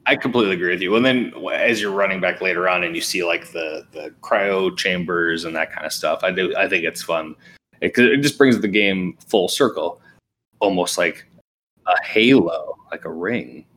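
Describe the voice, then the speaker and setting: Very deep-voiced man, easygoing podcast chat. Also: normal speed, a bit bright, a little hiss or hum. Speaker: podcast co-host. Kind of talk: casual gaming podcast chat.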